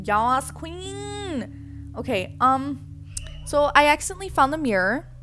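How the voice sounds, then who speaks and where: A woman's voice: sits high, animated, normal speed, a bit bright, slight background noise. A young woman chatting playfully and dramatically to her viewers while she plays a game, full of sass and exaggerated reactions. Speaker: gaming streamer. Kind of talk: casual gameplay commentary.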